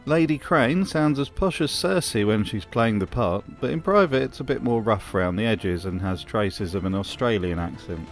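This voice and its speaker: A man's voice: on the low side, lively intonation, moderate pace, hardly any pauses, faint music behind. A man hosting comedic review commentary with a sardonic, mocking manner. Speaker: host.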